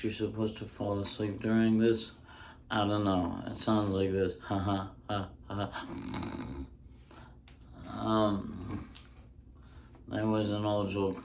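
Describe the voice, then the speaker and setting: Casting: man, low monotone delivery, rambling deadpan stand-up at home, faint noise in the room. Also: takes it slowly. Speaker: stand-up comedian. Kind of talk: casual ASMR stand-up bit. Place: indoors at home. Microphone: handheld mic close up.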